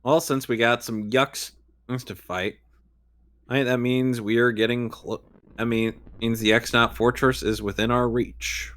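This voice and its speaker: Bright-voiced man teasing friends mid-game. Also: mid-range voice, level tone, unhurried. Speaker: gamer, co-host. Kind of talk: casual gaming chat.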